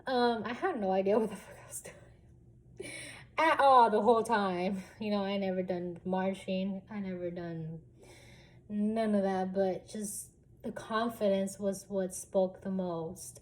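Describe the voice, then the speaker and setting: Slow, candid young woman vlogging. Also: medium pitch, slight background noise. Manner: candid, relaxed, lots of fillers and some swearing. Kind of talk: casual storytelling vlog.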